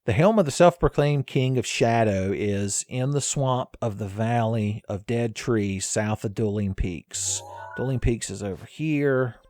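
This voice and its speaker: A man's voice: medium pitch, a little slow, a little mellow, no echo. A man giving casual, rambling gameplay commentary as a let's play host, joking and laughing often.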